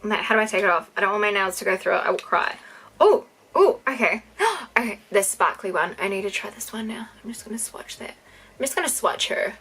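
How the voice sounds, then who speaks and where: Gushing New Zealand woman, bright voice. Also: mid-range voice, quick pace, slightly rough. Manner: gushing, excitable, gasping and squealing. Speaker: YouTuber. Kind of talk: unboxing vlog.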